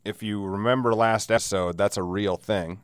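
A man's voice: fairly low pitch, steady tone, normal speed, clean tone, no echo, clean studio sound. A man hosting a casual solo podcast, rambling and sardonic with frequent laughs, wheezing through a sinus cold. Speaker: podcast host.

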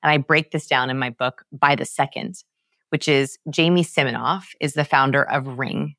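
A woman guest on a podcast, explaining research with emphatic, animated storytelling and big pitch swings. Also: moderate pace, dry recording, studio quality. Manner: lively, emphatic, swings pitch high to act out examples.

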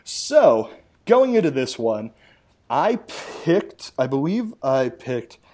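A man with a middle-pitched voice hosts a casual sports podcast. He talks in a wry, chatty way and runs through results in quick lists. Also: big pitch swings, dark tone. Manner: wry, chatty, rattles off scores. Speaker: podcast host.

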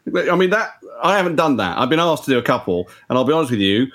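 Chatty comedian, rambling. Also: male voice, medium pitch, big pitch swings, quick pace, a bit bright. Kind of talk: casual conversation.

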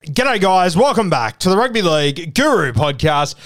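An Australian man hosting a podcast, introducing the episode in a relaxed, chatty way. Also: high voice, normal speed. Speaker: podcast host.

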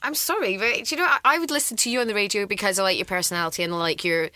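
Fast, bright-voiced woman. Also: mid-range voice, dry recording. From Scotland. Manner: animated storyteller, acts out quoted voices, laughs often. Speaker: guest. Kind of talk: casual chat.

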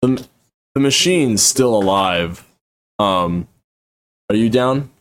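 A man's voice: lowish voice, lively intonation, takes it slowly. A man playing a tabletop game, describing his character's actions casually. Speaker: player.

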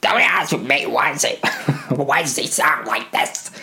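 A man's voice: mid-range voice, expressive, unhurried, creaky, bright, forceful tone, voice pushed up, exaggerated voice. A man voicing a lazy, sulky male android with a drawl.

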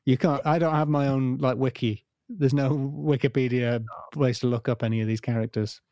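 A man's voice: medium pitch, steady tone, moderate pace, dark tone, dry recording. A man talking as a guest on a podcast in a casual chat, with dry, self-deprecating humour.

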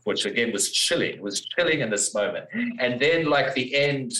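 A man's voice: medium pitch, lively intonation, moderate pace, sharp tone, reverberant, poor audio. A man hosting a casual film discussion, recounting scenes with lots of fillers and acted-out quotes. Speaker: podcast host.

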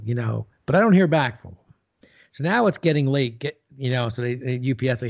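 An older businessman appears as a podcast guest, briskly telling stories in a casual interview at a mid pitch. He's an animated storyteller who acts out quoted dialogue, and the lo-fi recording sounds slightly dull.

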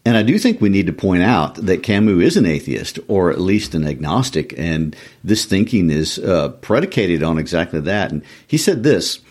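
Deep-voiced man with animated delivery. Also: moderate pace, few pauses, slightly rough. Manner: lively, conversational, animated delivery. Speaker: podcast co-host. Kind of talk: casual literary discussion.

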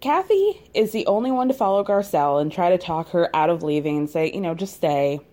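A woman's voice: lowish voice, expressive, quick pace, darkish tone. A young adult woman recapping a reality TV show in casual, gossipy commentary, laughing often and dropping sassy asides.

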